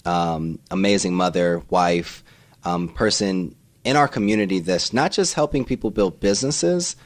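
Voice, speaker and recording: A man's voice: deep voice, normal speed. A man in his thirties hosting an interview, reflective and asking probing personal questions. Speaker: podcast host. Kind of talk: interview conversation.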